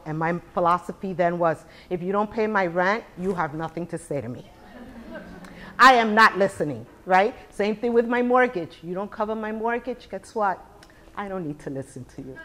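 A woman in her sixties giving a live talk to small business owners, asking rhetorical questions and acting out what others say. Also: on the low side. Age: 60s. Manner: animated, rhetorical questions, acts out quotes. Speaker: speaker.

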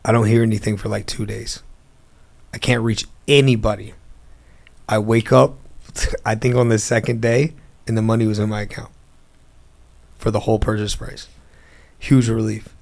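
Man, gravelly voice, fairly flat pitch; a guest telling stories in a laid-back interview. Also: moderate pace, pauses often. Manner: animated storyteller acting out phone calls. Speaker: interview guest, car dealer. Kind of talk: storytelling in a casual interview.

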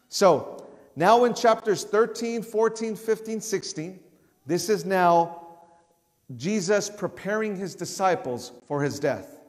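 Man, Bible study teacher, high voice, conversational, repeats words, long reverb. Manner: conversational, repeats and restarts words, raises voice to act out shouts.

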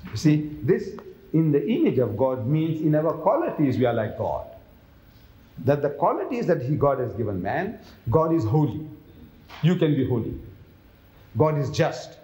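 A man's voice: fairly high pitch, warm tone, roomy sound. A man giving a public religious lecture, firing rhetorical questions at his audience.

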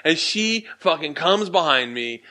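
A middle-aged man tells a wild story on a podcast, his bright, forceful voice swinging up and down. He swears freely and acts out the chants and voices himself. His pitch sits a little high for a man. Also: unhurried. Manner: animated, profane, acts out chants. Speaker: comedian guest.

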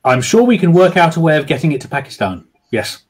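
A man's voice: fairly high pitch, big pitch swings, fast talker, a little mellow, slightly rough. A man, an author, reading his children's book aloud over a video call with dramatic storytelling.

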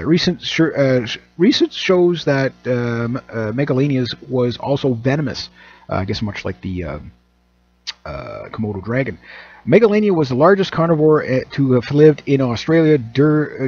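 A man's voice: mid-range voice, darkish tone. A man from Canada, hosting his own channel in a casual, rambling, joking monologue full of fillers and restarts. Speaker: channel host. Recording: dull lo-fi recording.

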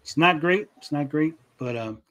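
Laid-back male host, slightly high voice, casual live-stream chat. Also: expressive, normal speed, fairly bright tone.

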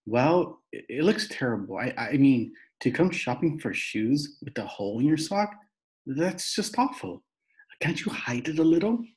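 A man's voice: medium pitch, very animated, normal speed, darkish tone, voice pushed up, close to an everyday voice. A man voicing a worried, fussy mother who frets and stammers. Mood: fretful. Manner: fretful, flustered, stammering.

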